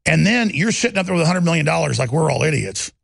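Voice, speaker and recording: A man's voice: on the high side, very animated, fast, vocal fry, a bit bright, breathy edge, dry recording, studio quality. A man hosting a broadcast, giving heated, mocking political commentary with lots of insults. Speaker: host.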